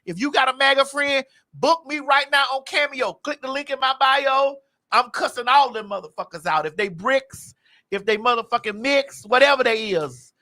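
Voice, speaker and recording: A woman hosting a podcast, cursing freely and teasing in brash, animated chat. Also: high-pitched, moderate pace. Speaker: podcast host. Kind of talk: loud, brash casual chat.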